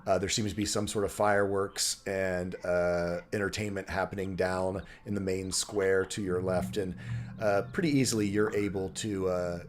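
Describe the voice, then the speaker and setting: Deep-voiced game master rambling on. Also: male voice. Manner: rambling with many fillers. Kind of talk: narrating a tabletop game.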